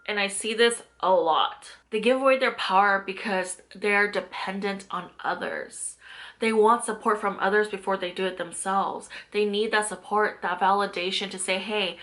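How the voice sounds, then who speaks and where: Bright-voiced woman, chatty coach. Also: medium pitch, normal speed. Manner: earnest, chatty, self-reflective, with bursts of animation. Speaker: mindset coach. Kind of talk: casual motivational talk to camera.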